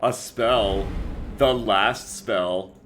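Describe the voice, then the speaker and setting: A grave, booming epic narrator, as a streamer puts him on, stretching every phrase slowly for mock drama. The voice sits at a middle pitch, with faint music underneath. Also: male voice, bright, forceful tone. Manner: slow, drawn-out dramatic delivery. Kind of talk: mock-epic reading of a game intro.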